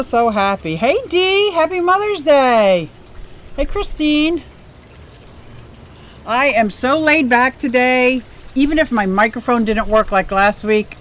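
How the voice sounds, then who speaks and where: Greeting viewers by name, a bubbly woman in her fifties chats through a casual outdoor livestream from her yard. Her voice is a little high and fairly bright in tone, against slight background noise.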